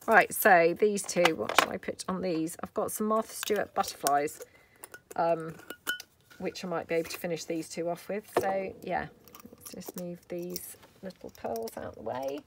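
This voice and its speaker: Here a woman from the United Kingdom runs a crafting tutorial at a normal speed, her pitch fairly low, with background noise in the clip. Chatty and thinking out loud over her craft table, she adds soft little asides.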